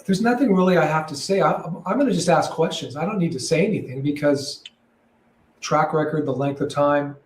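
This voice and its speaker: A man speaking as a real estate broker guest in a conversational interview, calm and matter-of-fact, repeating himself in short phrases. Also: on the high side, fairly quick, far from the mic, a little hiss or hum. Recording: roomy echo, voice a bit off-mic.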